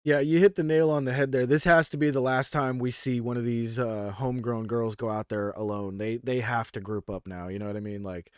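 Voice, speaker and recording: A man co-hosting a casual review podcast, retelling the action in an excited, slangy play-by-play. His voice sits at an ordinary pitch and is recorded dry and close, with little room sound. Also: brisk, few pauses, smooth, no echo. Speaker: podcast co-host. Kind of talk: casual wrestling review chat.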